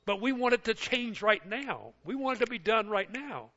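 A man preaching a sermon, lively, often acting out small scenes in other voices. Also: high-pitched, normal speed, dull audio. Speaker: pastor.

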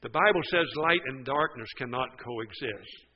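A man's voice: medium pitch, animated, normal speed, dull audio. An older man preaching a sermon, folksy and emphatic, firing off rhetorical questions. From West Virginia.

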